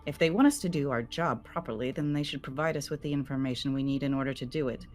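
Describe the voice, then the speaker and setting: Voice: mid-range voice, quick pace, a little hiss or hum, close to an everyday voice. A player voicing a blunt female ship doctor who speaks in a curt, resigned way.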